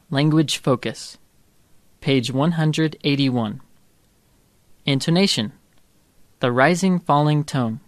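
Man reading out exercise headings, slow and formal, mid pitch, dry. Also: no echo. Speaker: textbook audio narrator.

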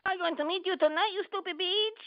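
Woman doing a broken-English prank caller, very high voice, smug taunting, dull phone line. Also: brisk, no room sound.

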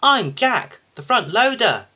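A man's voice: high voice, unhurried, pitched above the performer's own voice, heavily acted. A man voicing an eager, proud young male front loader machine in a storybook reading. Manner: excited and proud.

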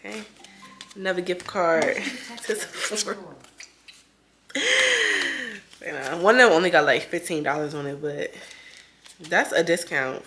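A woman's voice: fairly low pitch, fairly even intonation, moderate pace, noisy background. A young woman chatting through a casual day-in-the-life vlog, bubbly and full of exclamations. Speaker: vlogger. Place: beauty store.

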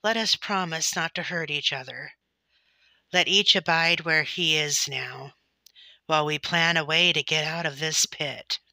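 A woman voicing a male lion in a storybook reading, formal and persuasive, speaking in a measured way. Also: low voice, vocal fry, sharp tone, no echo, full character voice, low-quality recording. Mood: grave.

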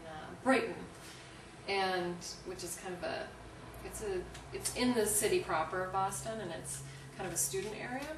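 A woman from the Midwest of the United States telling a story to her webcam in a chatty, animated way. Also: mid-range voice, normal speed. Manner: animated, chatty, acts out quoted voices. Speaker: artist and vlogger. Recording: echoey room, distant mic, faint background hiss.

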